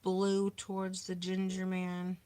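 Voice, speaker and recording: A woman's voice: medium pitch, monotone, slow pace, warm tone, clean tone. A middle-aged woman hosting a crafting livestream, chatting casually and talking to herself as she works. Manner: chatty, talks to herself while working. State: overheated, having a hot flash.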